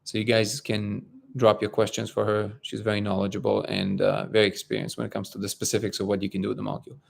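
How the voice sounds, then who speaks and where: A man hosting a casual live-stream talk, speaking haltingly with many restarts and fillers. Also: lowish voice, monotone, vocal fry. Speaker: host of a live discussion stream.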